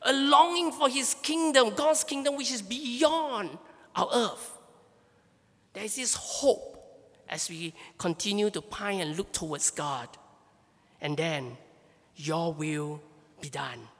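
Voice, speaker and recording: Pastor, earnest sermon, bright edge to the voice, long hall reverb, emphatic delivery. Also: medium pitch, slow pace. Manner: earnest, emphatic, repeats phrases while searching for words.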